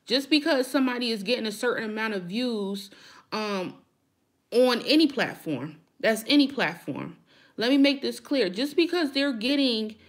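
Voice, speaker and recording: Frank, emphatic woman chatting live. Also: a little high. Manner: emphatic, frank, talks straight to viewers. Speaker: YouTuber hosting a live chat. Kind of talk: casual live chat with viewers.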